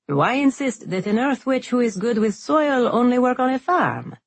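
A woman's voice: on the high side, sing-song, moderate pace, dry recording, voice pushed up. A woman voicing a polite, genteel male silk guildmaster who speaks with courteous pride. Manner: courteous, smoothly proud.

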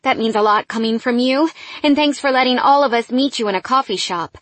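A woman voicing an eager young female employee who talks high and gushing. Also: fairly quick, dry recording, close to an everyday voice.

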